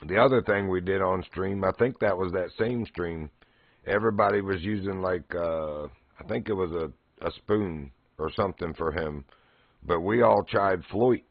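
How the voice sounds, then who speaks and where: A man's voice: deep voice, no room sound. A middle-aged man streaming a fishing game, telling stories in easy casual chat and laughing often. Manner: laughs often, easygoing storytelling. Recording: muffled lo-fi stream audio.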